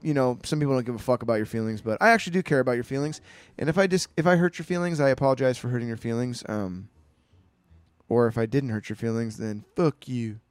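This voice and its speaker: A man's voice: medium pitch, fast talker, no room sound. A man co-hosting a podcast in casual, rambling chat, swearing freely and laughing often. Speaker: podcast co-host.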